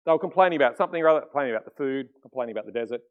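A middle-aged man preaching a sermon as pastor, conversational and animated, often acting out quotes. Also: mid-range voice, rapid-fire, phone-quality sound.

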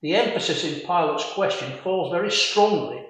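A man preaches through a Bible passage in a measured, reflective way, pausing on fillers as he explains. His voice sits a little high for a man. Strong echo fills the room around him. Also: fairly bright tone. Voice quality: quotes scripture in old-fashioned formal phrasing. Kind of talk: expository sermon on a Bible passage. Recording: very echoey room.

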